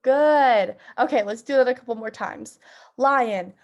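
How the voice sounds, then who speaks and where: A woman leading a theatre warm-up lesson, giving friendly instructions with frequent "um"s and breaking into loud demonstration sounds. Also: a little high, measured pace, muffled recording. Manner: instructive, filler-heavy, with loud vocal demonstrations. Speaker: drama teacher.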